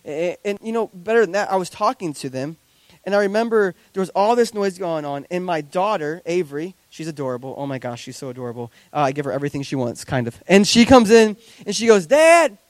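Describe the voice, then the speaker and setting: A pastor in his thirties with a high, bright-sounding voice delivers an animated sermon to a church congregation. His delivery is conversational and peppered with joking asides, and the sound is close and dry with no room echo. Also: fast talker. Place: church service before a congregation.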